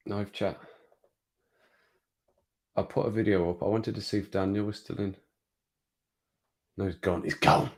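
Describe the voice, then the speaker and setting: A man's voice: lowish voice, fairly even intonation, a little slow, pauses often. A man with a Midlands accent from England, rambling casually on a live stream, chuckling and poking fun at himself. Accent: Midlands English. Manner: rambling, chuckling, self-mocking.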